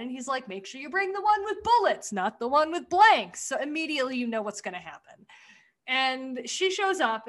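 A woman's voice: high voice, sharp tone. Rambling, sweary woman recapping a sketch. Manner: rambling, swears freely, acts out quoted lines. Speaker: podcast co-host. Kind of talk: casual chat recapping a TV sketch.

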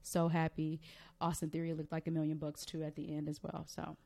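A woman co-host on a wrestling podcast who speaks with open emotion and laughs easily. Her voice is lowish for a woman, and she talks in a relaxed, conversational way. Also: fairly quick, vocal fry. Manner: emotional, expressive, laughs often. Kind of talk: casual chat.

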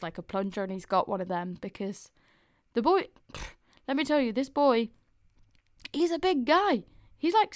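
A woman's voice: medium pitch, dry recording, studio quality. Giggly, sweary woman telling stories. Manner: chatty, giggly, swears freely. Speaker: podcast host. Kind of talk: casual podcast storytelling.

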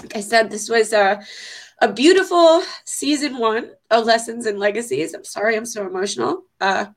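A woman hosting a faith show, praying fervently and speaking warmly to viewers, given to repeating phrases and getting emotional. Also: a little high, moderate pace. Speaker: show host. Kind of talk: heartfelt prayer and chat to viewers.

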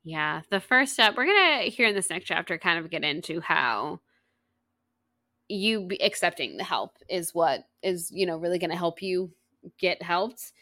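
A woman co-hosting a casual book-club podcast, chatty and animated with quick asides. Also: lowish voice, dry recording. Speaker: podcast co-host.

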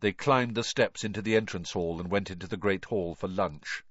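Low, animated male audiobook narrator; dry, dull lo-fi recording. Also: normal speed, hardly any pauses, no room sound. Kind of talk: storybook narration.

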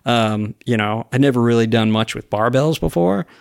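A man's voice: mid-range voice, lively intonation, moderate pace, vocal fry, smooth, no echo, studio quality. A man speaking as a podcast guest in casual conversation, rambling with lots of fillers and acting out what people said to him. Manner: rambling, filler-heavy, retells dialogue.

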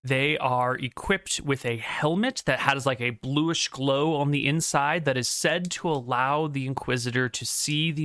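A man running a tabletop game as game master, describing the world casually and padding his talk with fillers. His voice is bright and forceful, recorded dry and close. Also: mid-range voice, dry recording.

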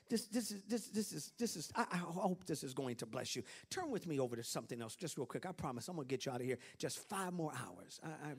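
A man preaching a sermon as bishop. He swings from hushed asides to shouted peaks and laughs and banters with the congregation. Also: on the high side, gravelly, husky.

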